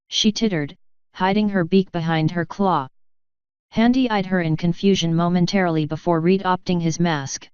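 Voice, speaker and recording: A woman narrating a story in an even, measured way. Her voice is low and very clear, recorded dry with a slightly dull sound. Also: no room sound. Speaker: fanfiction reader. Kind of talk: audiobook narration.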